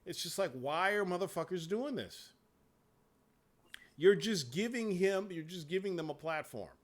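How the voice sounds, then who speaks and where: Animated, cursing male gaming host. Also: high voice, moderate pace. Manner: profane, animated, laughs often. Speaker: show host. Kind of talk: casual gaming chat.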